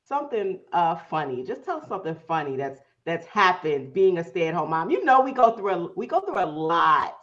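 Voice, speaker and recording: A woman's voice: fairly low pitch, sing-song, normal speed, few pauses, fairly bright tone, lo-fi sound. A woman hosting a casual interview, prompting her guest with encouraging questions. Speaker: podcast host.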